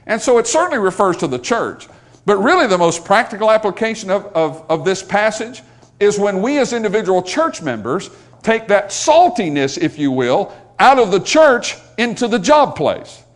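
A middle-aged male pastor delivering a sermon in a high, lively voice that rises and falls constantly. He mixes folksy jokes aimed at the congregation with loud, emphatic declarations, then drops back to quiet asides. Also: moderate pace. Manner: swings from soft asides to loud emphatic points.

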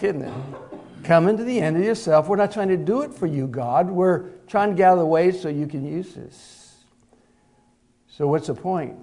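Folksy preacher man, mellow voice. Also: medium pitch. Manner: folksy, conversational storytelling with fillers and repeated "he said". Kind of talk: sermon with storytelling.

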